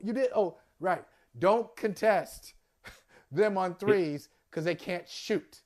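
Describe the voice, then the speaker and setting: A man's voice: sits high, slow pace, darkish tone. Emphatic, incredulous sports talk man. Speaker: sports talk show co-host.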